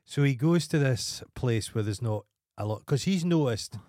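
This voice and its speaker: A man's voice: mid-range voice, moderate pace, no room sound, clean studio sound. Scottish man telling rambling crude stories. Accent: Scottish, Dundee. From Scotland. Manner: rambling storyteller, crude deadpan humour. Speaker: podcast co-host. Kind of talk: casual comedic chat.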